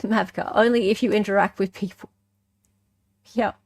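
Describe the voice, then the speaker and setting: An Australian woman hosting casual true-crime commentary, animated and sarcastic, who keeps tossing in "right?" as she talks. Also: medium pitch, moderate pace, slightly rough, no room sound.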